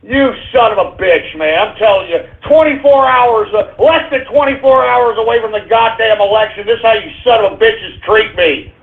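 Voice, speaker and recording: Male radio host, high husky voice, profane ranter, tinny phone-line sound. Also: normal speed, hardly any pauses. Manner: profane, ranting, repeats himself. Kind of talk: talk radio rant.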